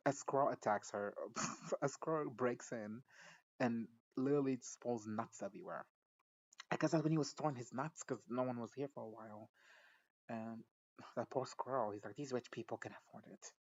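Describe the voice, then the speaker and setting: A man's voice: mid-range voice, normal speed, highs cut off. A man casually recapping a TV episode, rambling and swearing, often giggling and cutting himself off mid-sentence. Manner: rambling, profane, giggly, self-interrupting. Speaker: show recap reviewer.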